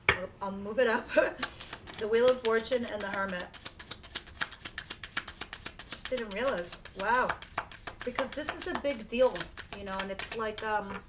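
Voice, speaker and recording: A woman's voice: medium pitch, background noise. A woman giving a casual tarot reading, talking bluntly and straight to the viewer and swearing freely. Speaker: tarot reader.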